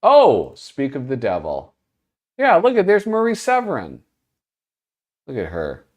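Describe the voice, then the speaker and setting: A man's voice: mid-range voice, wildly swooping pitch, a little slow. A man hosting a casual livestream, chatting loosely with viewers, often breaking off mid-thought and laughing as he talks. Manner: rambling, self-interrupting, laughs while talking. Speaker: host.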